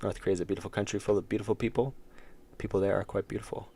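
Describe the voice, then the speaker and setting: Low, gravelly male streamer, casual, mutters while coding, keys clacking. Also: flat delivery, very fast, dark tone, slight background noise. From United States. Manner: thinks aloud, mumbles while working, chats with viewers. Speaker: game developer streamer.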